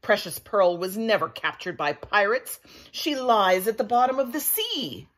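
A scheming villainous count, put on by a woman reading aloud blusters with pompous indignation. The voice is breathy and slow, with lively pitch. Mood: indignant.

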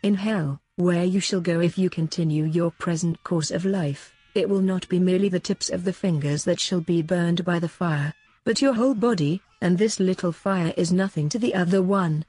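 Calm, pleasant priest, husky and dark-toned, read by a woman. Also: on the low side, normal speed, dry recording, close to an everyday voice. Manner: calm and friendly, then stern warning. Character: calm, pleasant old male missionary priest.

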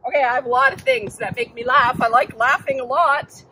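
An older woman with a fairly high, bright, forceful voice gives a children's message in church. She talks in a gentle, chatty way and often asks the children questions. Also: lively intonation, brisk, slight background noise, poor audio. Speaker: church children's time speaker.

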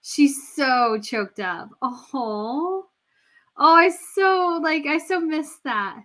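A woman's voice: high voice, lively intonation, very slow, pushed and bright. A woman hosting a casual livestream, gushing and chatty, with many fillers and restarts. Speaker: royal news livestream host.

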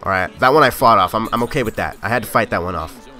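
Excitable young man commenting on gameplay. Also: lowish voice, quick pace, faint music behind. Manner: excitable, yelling at the game, frustrated outbursts. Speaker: gaming YouTuber.

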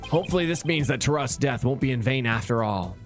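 A man reads game dialogue aloud on a livestream, casual and jokey. His pitch jumps around animatedly over faint game music. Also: expressive, fast. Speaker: streamer. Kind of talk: reading game dialogue aloud in a live playthrough.

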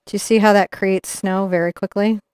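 A woman's voice: medium pitch, fairly even intonation, a little fast, a little mellow, clean tone, dry recording, studio quality. A middle-aged woman teaching acrylic painting live, chatting and explaining each brush move as she paints. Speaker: painting instructor.

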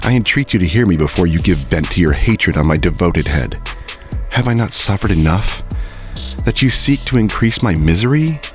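A man's voice: sits low, expressive, moderate pace, soft background music. A man reading aloud as an anguished, eloquent male monster who pleads solemnly with his maker. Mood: pleading. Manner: solemn, formal pleading speech. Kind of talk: book reading.

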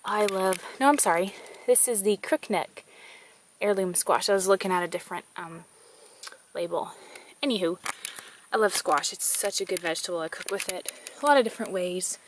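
A woman's voice: mid-range voice, moderate pace, a little hiss or hum. Breathless woman touring her garden. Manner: chatty, upbeat, with fillers and little laughs. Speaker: vlogger giving a garden tour. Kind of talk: casual walking tour. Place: outdoor garden.

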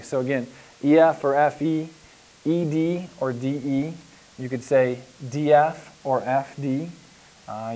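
A man's voice: medium pitch, a little mellow, rough recording. Patient man explaining geometry terms. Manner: patient, repeats himself, frequent "uh" and "okay". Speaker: math teacher. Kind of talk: recorded lecture walkthrough.

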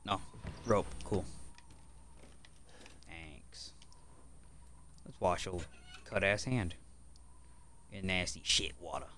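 A young man streaming a horror game, cursing constantly and swinging between loud outbursts and muttered asides. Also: low-pitched, measured pace, long pauses, a little hiss or hum. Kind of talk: casual gameplay commentary.

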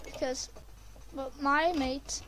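A woman commentating her gameplay, excitable and prone to screaming when chased. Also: high voice, slow pace, slight background noise. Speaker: gamer.

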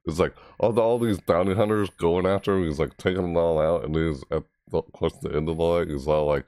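A man hosting a casual reaction video, rambling excitedly about a game trailer. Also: fast, few pauses, no echo, clean studio sound. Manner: excitable, rambling, mimics game voices in high yelps.

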